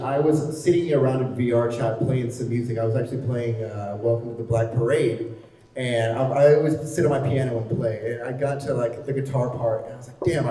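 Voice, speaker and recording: A man speaks at a convention panel with a mellow, relaxed tone and an enthusiastic, explanatory manner. He is picked up from far off, and the sound rings with the long echo of a big hall. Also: mid-range voice. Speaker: panel presenter.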